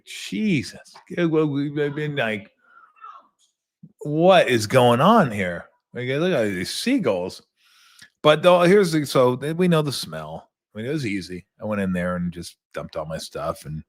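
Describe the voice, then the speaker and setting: A middle-aged man hosting a radio show, telling rambling comic stories and acting out quick asides in other voices. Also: on the low side. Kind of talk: casual comic monologue.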